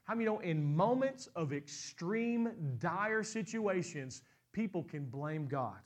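A middle-aged man preaching a sermon as pastor, rising to loud, high peaks and often repeating words as he restarts a phrase. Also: expressive. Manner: repeats and restarts words when speaking fast.

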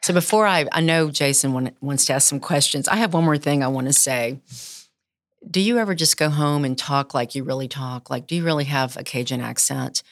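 A woman's voice: very deep voice, a little fast, no echo, clean studio sound. A woman hosting a podcast interview, chatting casually and encouraging her guest with frequent agreement. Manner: warm, encouraging, lots of backchannel. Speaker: podcast host.

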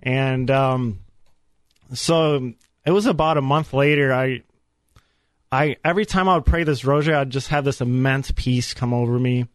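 A man's voice: medium pitch, normal speed, dry recording. Earnest man telling his faith story. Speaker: guest. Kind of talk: personal faith testimony. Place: radio studio.

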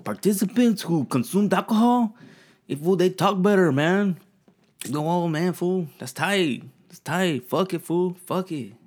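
A man's voice: sits high, expressive, unhurried, voice pushed up. A man putting on a brash East L.A. slang guy. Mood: swaggering. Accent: East Los Angeles Chicano English. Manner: loud, swaggering, cussing slang.

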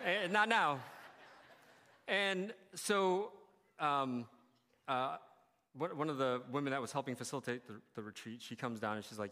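A man's voice: medium pitch, moderate pace, bright, forceful tone. A man preaching a sermon, telling a personal story in a candid, conversational way that turns emotional. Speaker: pastor. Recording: long hall reverb.

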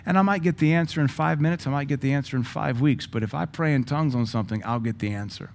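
Lively joking male pastor preaching. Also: medium pitch, fast, gravelly. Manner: lively, joking, bursts into praying in tongues. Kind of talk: sermon teaching.

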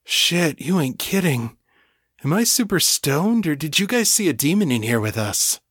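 A man voicing a dazed, stoned party guy who talks in a loud, incredulous way. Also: a little high, big pitch swings, normal speed, slightly rough, dry recording, clean studio sound, voice pushed up, exaggerated voice.

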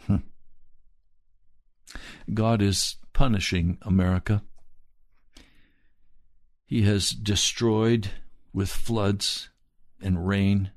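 A man preaching a sermon, earnest and pleading, speaking slowly and deliberately. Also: fairly low pitch, darkish tone, no echo, studio quality.

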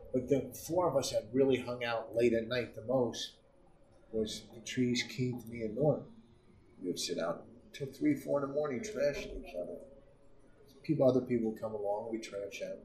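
A middle-aged man telling stories in casual talk, profane and animated. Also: medium pitch, reverberant, far from the mic, slight background noise, low-quality recording. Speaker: comedian guest. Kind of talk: casual storytelling.

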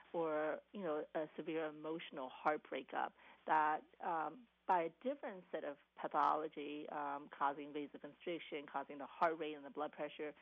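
A woman's voice: sits low, no echo. A woman cardiologist, a guest in an interview, answering earnestly with many restarts and "you know"s. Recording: tinny phone line.

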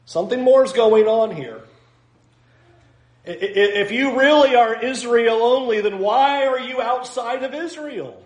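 A man's voice: very high voice, unhurried, echoey room. A man preaching a sermon in a conversational, self-deprecating way, acting out little asides. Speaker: pastor.

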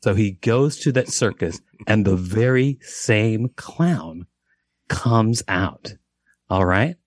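A man's voice: lowish voice, expressive, slow, no room sound. A man, a guest comedian, telling a long joke casually, restarting lines and checking in with "okay?".

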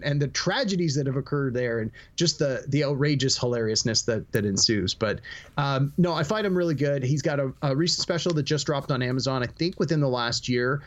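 A man co-hosting a podcast, telling stories in a rambling, animated way with lots of fillers. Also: mid-range voice, lo-fi sound. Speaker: podcast co-host. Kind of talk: casual podcast chat.

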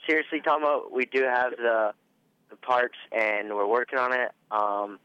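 A man's voice: medium pitch, steady tone, measured pace, bright, forceful tone, smooth, no echo. A male racer talking as a guest on a radio show, hesitant and full of ums. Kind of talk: casual radio interview. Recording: dull dry radio recording.

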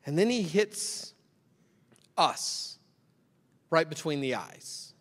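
A man preaching a sermon, acting out both sides of a parable in animated storytelling. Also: fairly high pitch, slow pace. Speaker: pastor. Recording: long hall reverb.

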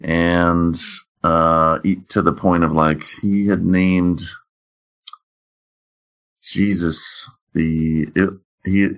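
Deep-voiced man telling crude stories. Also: fairly bright tone, lo-fi sound. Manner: profane, rambling storyteller. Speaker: podcast co-host. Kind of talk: casual chat.

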